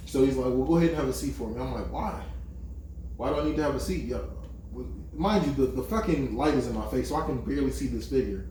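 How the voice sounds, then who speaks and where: This young man speaks at medium pitch and a brisk pace while co-hosting a podcast, telling friends a long story about himself. He swears casually and performs other people's lines through lots of quoted dialogue. A little hiss or hum is audible, and the distant mic picks up room echo.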